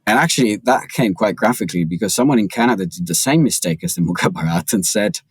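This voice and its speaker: A man, a journalist and author, telling a story as a podcast guest in an animated, chatty way. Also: on the low side, quick pace, breathy edge, no echo, low-quality recording.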